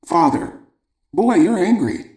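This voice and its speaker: A man's voice: sits high, animated, takes it slowly, darkish tone, reverberant, far from the mic. A man voicing a father who lectures his son, read in an audiobook. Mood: understanding.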